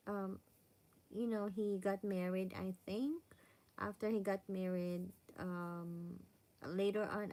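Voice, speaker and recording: A woman with a Filipino accent chats casually with her live viewers, rambling from one thought to the next and slipping Tagalog and Spanish words into her English. She talks at an unhurried, slow pace. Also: fairly low pitch, darkish tone. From Philippines. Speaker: vlogger chatting with live viewers. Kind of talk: casual live-stream chat.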